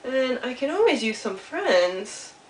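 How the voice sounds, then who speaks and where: Woman doing a slow old wise beaver. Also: high voice, very animated, slight background noise. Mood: calm. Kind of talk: reading a storybook aloud. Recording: echoey room, mic far off.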